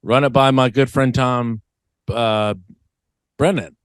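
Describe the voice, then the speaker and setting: A young man co-hosting a casual late-night podcast, joking and swearing, now and then breaking into squeaky silly voices. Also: fairly even intonation, slow pace, smooth, no echo. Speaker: podcast co-host.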